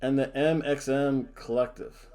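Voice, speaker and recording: A man's voice: medium pitch, fairly even intonation, a little slow, warm tone. A man hosting a casual wrestling predictions chat, jokey and theatrical, hamming up wrestler introductions. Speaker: wrestling show host.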